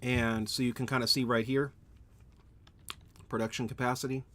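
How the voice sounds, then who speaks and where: A man's voice: mid-range voice, little pitch movement, moderate pace, fairly bright tone. A man thinking aloud while streaming a game at home, answering chat and often correcting himself. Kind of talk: live gameplay commentary, answering chat.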